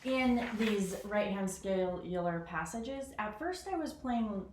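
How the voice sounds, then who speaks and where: A woman talking casually through how she practices a piano piece, chatty and self-deprecating, counting rhythms out loud. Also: mid-range voice, expressive, takes it slowly, noisy background. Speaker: piano teacher. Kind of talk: casual piano lesson vlog. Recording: echoey room with piano. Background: piano playing.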